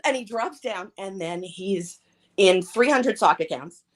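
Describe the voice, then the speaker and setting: Female livestream guest, giggly storyteller, lively pitch. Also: a little slow. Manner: giggly, animated, acts out quotes. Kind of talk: casual storytelling chat.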